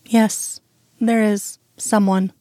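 A reserved young woman, voiced by a woman narrator, gentle and guarded, who picks her words carefully and apologizes softly. The voice is a touch lifted above the narrator's own. The recording is dry and close, like a storybook audiobook. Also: medium pitch, little pitch movement, dry recording, natural voice. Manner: measured, apologetic.

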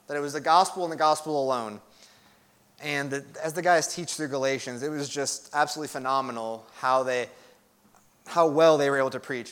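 Male pastor, young adult, earnest and emphatic sermon delivery, casual asides, voice a bit higher than most men. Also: a bit bright.

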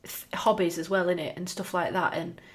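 A woman's voice: on the low side, little pitch movement, a little fast. Teasing woman host. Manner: teasing, blunt, prompting questions. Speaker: podcast co-host. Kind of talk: casual chat.

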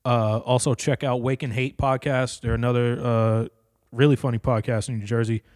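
A young man talks alone on his podcast, swearing constantly and wandering from one thought to the next. His blunt delivery comes through a stand-up comedy mic in a dry, dead-sounding room. His pitch sits at an ordinary middle height. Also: flat delivery, normal speed, darkish tone, dry recording. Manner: profane, rambling, blunt. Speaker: podcast host. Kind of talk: casual solo podcast monologue. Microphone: handheld stand-up comedy mic on a stand.

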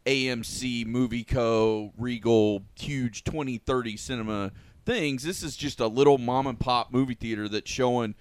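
A man hosting a casual chat show, talking in a halting way and repeating words as he gathers his thoughts. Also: medium pitch, steady tone, smooth, dry recording. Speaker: show host.

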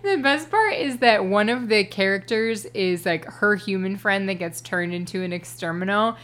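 A woman's voice: mid-range voice, moderate pace, a bit bright. Podcast lady picking apart a book, dry and sarcastic, casual. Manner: wry, sarcastic book critique with fillers. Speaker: podcast co-host. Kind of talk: casual chat.

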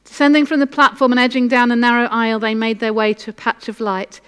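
A woman preacher gives an earnest, encouraging sermon and reads a story aloud. Her voice sits a little high. The sound carries in an echoey hall. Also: fairly even intonation, quick pace, smooth.

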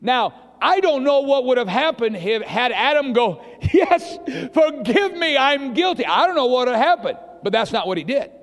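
A man preaching a lively sermon to his congregation, acting out the voices he quotes and often quizzing the listeners. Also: extremely high pitch, fairly quick, few pauses. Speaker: pastor. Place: church hall with long reverb. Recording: long hall reverb in a church.

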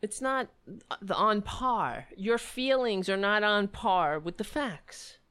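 A woman's voice: medium pitch, lively intonation, slow pace, fairly bright tone, smooth. A woman giving sarcastic, exasperated commentary, swearing freely as she rebuts. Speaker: commentator reacting to clips. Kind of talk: ranting commentary.

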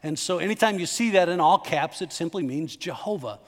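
A man's voice: on the high side, animated, brisk. A middle-aged male pastor preaching a sermon in a conversational, emphatic way, turning to the congregation with asides and questions. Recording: long hall reverb.

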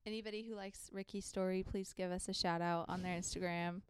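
A woman's voice: on the low side, fairly even intonation, fairly quick, a little hiss or hum. A woman co-hosting a casual podcast chat, reacting eagerly to her friend's stories. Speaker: podcast co-host.

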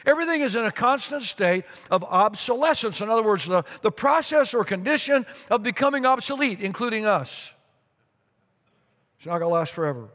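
A middle-aged man preaches from the stage of a church, his fairly high voice carrying a long reverb through the sanctuary. He tells a story with repeated phrases and lively asides, speaking into a stage microphone. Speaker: pastor. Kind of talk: sermon.

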